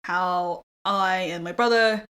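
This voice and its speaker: A woman's voice: fairly low pitch, steady tone, slow, pushed and bright. A woman co-hosting a podcast, giving frank opinions in casual chat, with lots of "like". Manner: frank, blunt, sprinkled with "like". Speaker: podcast co-host. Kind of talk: casual film review chat.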